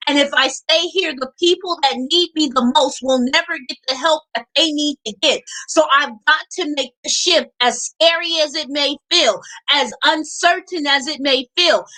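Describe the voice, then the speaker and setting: A woman's voice: high voice, pushed and bright. A woman coach giving a live motivational talk in an emphatic, preachy, repetitive way.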